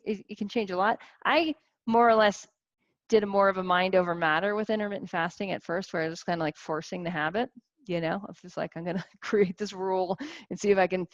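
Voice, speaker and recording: A woman in her forties giving a casual teaching talk to a group as a wellness coach, animated, with many restarts and rhetorical questions. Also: medium pitch, no echo, lo-fi sound. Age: 40s.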